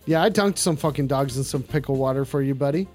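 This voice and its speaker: A man's voice: mid-range voice, quick pace, a little mellow, soft background music. A man doing a crude, taunting improvised comedy bit on a stream, rambling and brash. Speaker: streamer playing a talking hot dog.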